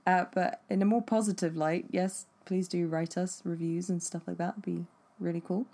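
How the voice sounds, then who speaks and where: A woman's voice: lowish voice, fairly even intonation, moderate pace, dark tone. A woman co-hosting a film podcast, chatting casually in a playful, teasing way. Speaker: podcast co-host.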